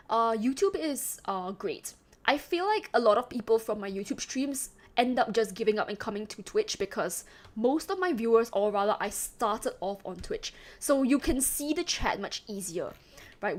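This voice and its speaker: A young woman from Singapore with a mixed, slightly British-sounding accent, chatting casually with her live chat as a streamer. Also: on the high side. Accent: mixed Singaporean, a little British. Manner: chatty, rambling, self-described yapper.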